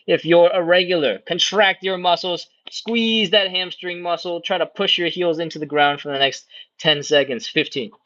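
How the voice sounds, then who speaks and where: Guy leading a stretch class, calm and encouraging, kinda high voice, dry close mic. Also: no room sound, highs cut off. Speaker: stretching instructor. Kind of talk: live workout instruction, cueing breaths and counting.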